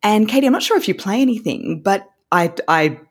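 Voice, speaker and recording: An Australian woman, a voice coach, explaining techniques as a podcast guest in an animated way, laughing often. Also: mid-range voice, a little fast, husky.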